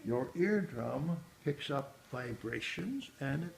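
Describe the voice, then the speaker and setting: A man's voice: medium pitch, expressive, slow pace, vocal fry. A man giving a museum tour, explaining exhibits in a rambling way with many hesitations and restarts. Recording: echoey room, faint background noise.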